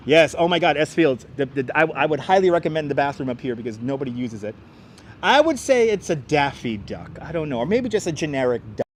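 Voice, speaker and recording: A man's voice: fairly high pitch, a little hiss or hum. A man hosting a casual live-stream walking tour outdoors, chatting to viewers and laughing often, on a clip-on mic. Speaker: livestream host. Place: outdoors on an elevated city park walkway. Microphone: wireless clip-on mic.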